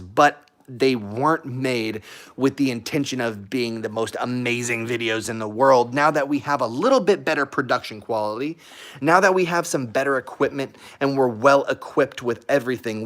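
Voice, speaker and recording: A young man hosting a husky channel, giving earnest, emphatic advice in a casual live Q&A with viewers and repeating himself for stress. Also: mid-range voice, fairly bright tone.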